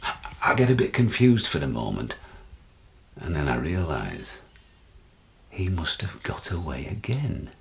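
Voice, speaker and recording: A deluded, paranoid older man, played by an actor, speaking low and gravelly. His delivery leaps around in pitch, confiding one moment and shouting the next in this stage monologue. Faint noise sits behind him. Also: sing-song, unhurried, pauses often, exaggerated voice. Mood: worked up. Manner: confiding, jumpy, swings from hushed to shouting.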